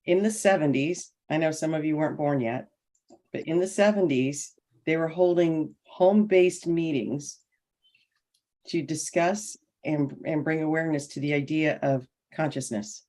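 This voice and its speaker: A woman's voice: low voice, unhurried, dark tone. A middle-aged woman on a panel, telling a personal story and acting out the dialogue. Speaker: panel guest. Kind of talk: casual panel talk, storytelling.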